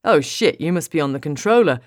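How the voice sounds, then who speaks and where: A woman's voice: sits low, expressive, brisk, a little mellow, no room sound, clean studio sound. A woman voicing a playful young boyfriend. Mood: teasing. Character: affectionate young adult man, playful teasing boyfriend. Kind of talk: audiobook character voice.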